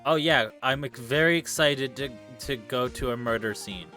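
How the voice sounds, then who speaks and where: A sarcastic man commenting on a game, dry jokes and casual swearing. His mid-range voice is bright and forward. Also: mid-range voice, moderate pace, soft background music. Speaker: let's play host.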